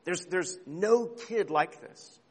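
A man's voice: sits high, expressive, slow, breathy edge. A man preaching a sermon as pastor, earnest and emphatic, repeating words and asking rhetorical questions. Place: church sanctuary. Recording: long hall reverb.

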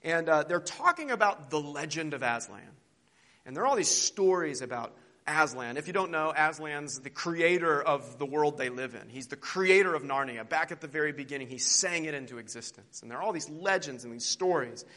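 A pastor with a slightly high voice preaches in an animated, conversational way. He retells a story to his congregation with frequent restarts and asides. He then turns to an earnest prayer. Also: fairly quick.

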